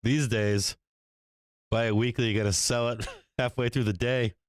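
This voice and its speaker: A man hosting a live stock market stream, commenting on trades in a profane, excitable way and laughing often. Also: mid-range voice, moderate pace, clear, resonant tone, no echo. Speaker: stock market livestream host.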